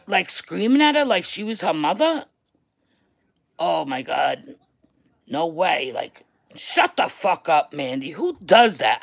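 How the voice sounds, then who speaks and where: A woman with a New York accent ranting on a livestream to her viewers, loud and blunt, repeating herself for emphasis and swearing. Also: fairly low pitch, rough recording. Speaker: online creator.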